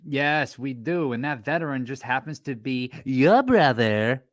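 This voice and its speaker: A man's voice: mid-range voice, expressive, measured pace, dry recording, clean studio sound. A man co-hosting a podcast, introducing clips and reacting with casual profanity. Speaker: podcast co-host.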